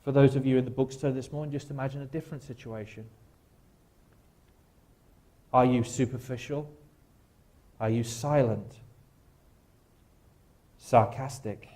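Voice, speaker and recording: A guest speaker at a church, a man, talks his listeners through a slow reflective exercise. His voice is mellow and dark, with a wry, gentle humor at a middling pitch. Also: fairly even intonation. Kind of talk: guided reflection talk at church. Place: church sanctuary.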